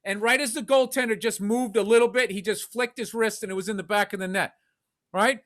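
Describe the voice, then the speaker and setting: High-voiced man ranting animatedly. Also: brisk. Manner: animated, profane storytelling that acts out other people's voices. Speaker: podcast co-host. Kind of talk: casual comedy chat.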